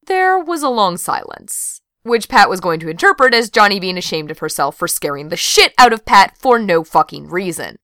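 Woman reading a story, lowish voice. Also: very animated, moderate pace, few pauses, fairly bright tone, no echo, clean studio sound. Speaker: audiobook narrator. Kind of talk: scripted narration.

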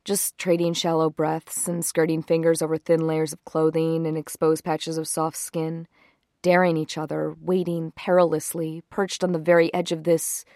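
A woman with a low voice reads a romance story aloud. She tells it in an intimate, unhurried way, close to the microphone. The sound is dry and has no room echo. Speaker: narrator. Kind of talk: reading romance fiction aloud.

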